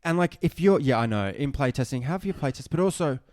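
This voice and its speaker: A man co-hosting a casual gaming podcast, animated and ranting, swearing and restarting sentences. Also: fairly high pitch, fairly quick, no echo, clean studio sound. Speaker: podcast co-host.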